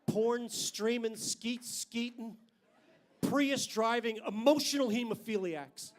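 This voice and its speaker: A man's voice: very high voice, slow pace, a faint crowd. An older man doing a stand-up comedy routine on a club stage with a handheld mic, brash and profane, landing punchlines hard.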